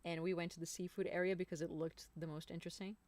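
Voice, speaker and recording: A woman's voice: on the low side, flat delivery, quick pace, darkish tone, no room sound. A woman singer hosting a live stream, chatting casually and rambling to her viewers.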